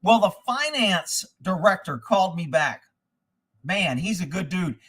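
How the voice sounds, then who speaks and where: A man with a high-pitched voice chats casually on his livestream. He rambles through stories, swears freely and breaks into laughter often. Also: expressive, unhurried, fairly bright tone, breathy edge. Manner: profane, rambling storyteller who laughs often. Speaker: livestream host. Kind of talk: casual live-stream chat, reading comments.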